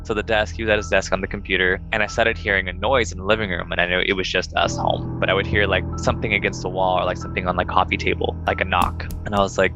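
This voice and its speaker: A young man casually telling a ghost story on a podcast, acting out quoted lines in a higher voice. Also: fast, gravelly, few pauses, highs cut off, over music. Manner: animated, acts out quoted dialogue in a higher voice.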